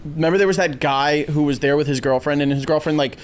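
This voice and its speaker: Brief: man in his thirties, podcast co-host, slightly high pitch, dry teasing asides. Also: fairly even intonation, fast talker. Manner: dry joking asides, swearing. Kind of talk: casual chat.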